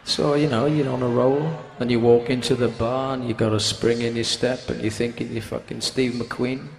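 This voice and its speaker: A man's voice: mid-range voice, flat delivery, moderate pace, gravelly, soft background music. Welsh man telling a crude story on stage. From Wales. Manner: crude, swearing, bawdy anecdote with put-on quoted voices. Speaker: band frontman. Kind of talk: comic storytelling to a concert crowd.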